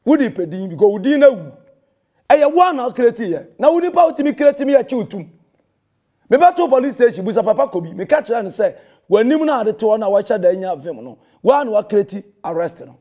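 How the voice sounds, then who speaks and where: Scolding Ghanaian pastor, high-pitched man. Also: sing-song, a little fast, mellow. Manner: scolding, confrontational, mixing in English phrases. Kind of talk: heated public rebuttal.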